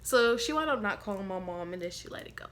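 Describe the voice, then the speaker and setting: Bright-voiced chatty young woman storyteller. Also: mid-range voice, fast talker, a little hiss or hum. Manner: rambling, animated, slangy, laughs often. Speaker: storytime vlogger. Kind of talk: casual storytelling to camera.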